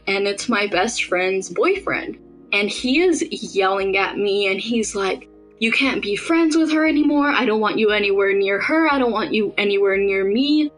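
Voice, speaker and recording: A woman's voice: medium pitch, poor audio. A woman telling a personal story in a casual way, quoting herself and others as she goes. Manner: quotes herself and others in lively re-enactment. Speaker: storyteller recounting her own experience.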